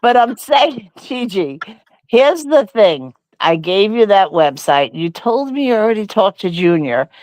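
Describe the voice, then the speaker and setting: A woman's voice: medium pitch, sing-song, unhurried, a little mellow, dry recording. A woman co-hosting a casual political chat, teasing and retelling stories with laughter. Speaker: co-host of a live talk show.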